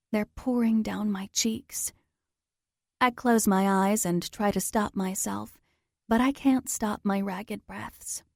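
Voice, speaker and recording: A woman's voice: mid-range voice, a little mellow, no echo, studio quality. A woman narrating a romance audiobook in the first person, intimate and emotional.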